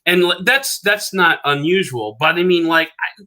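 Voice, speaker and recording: A man's voice: high voice, expressive, normal speed, bright, forceful tone. A man hosting a podcast interview, chatting casually, rambling with lots of fillers and restarts and laughing at his own stories. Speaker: podcast host.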